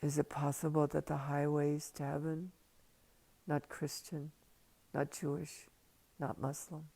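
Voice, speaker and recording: An older woman talks slowly and quietly into a livestream mic, her low voice gravelly and dark. She drifts in and out of soft whispers as she reflects. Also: flat delivery. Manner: soft and hushed, slipping into whispers. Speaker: spiritual teacher. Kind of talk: slow reflective livestream talk. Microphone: livestream computer mic.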